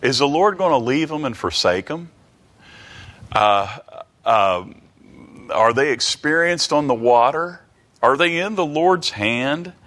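Guy preaching a bible study, stops and restarts a lot, keeps asking the congregation questions, mid pitched voice. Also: lively intonation, fairly bright tone. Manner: halting, asks the listeners many rhetorical questions; reads King James scripture aloud.

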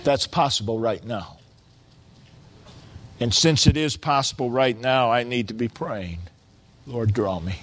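A man preaching a sermon, quoting scripture slowly and building to loud, stretched-out exclamations. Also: mid-range voice, slight background noise. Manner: slow, deliberate preaching with quoted scripture.

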